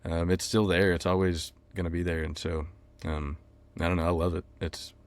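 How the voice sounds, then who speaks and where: Laid-back guy, low voice. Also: level tone, moderate pace. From Texas. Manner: laid-back, rambling, lots of fillers. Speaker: musician guest. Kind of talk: casual interview chat.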